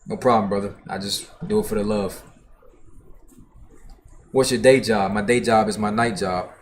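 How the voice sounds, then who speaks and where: A man's voice: fairly low pitch, fairly even intonation, normal speed, a little hiss or hum. A man hosting a music reaction livestream, chatting casually and reading viewer comments aloud in a laid-back, profane way.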